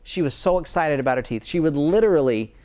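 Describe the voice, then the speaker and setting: A man with a fairly high voice talks as a dentist guest on an interview show. He sounds earnest and enthusiastic, and he often restarts his sentences as he speaks. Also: animated, fast talker, warm tone. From Utah, USA. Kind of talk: interview conversation.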